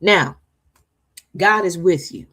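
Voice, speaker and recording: A woman's voice: on the low side, takes it slowly, fairly bright tone, slightly rough. A woman co-hosting a talk show, giving an inspirational faith talk in a conversational preaching manner, often asking "right?" to draw agreement. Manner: emphatic, repetitive, seeks agreement with "right?"; conversational preaching, addresses listeners as y'all.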